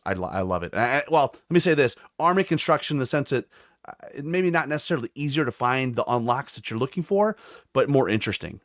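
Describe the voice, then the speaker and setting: A man's voice: mid-range voice, no echo, clean studio sound. A man hosting a podcast, chatting enthusiastically and reading listener responses aloud. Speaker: podcast host. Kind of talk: casual chat.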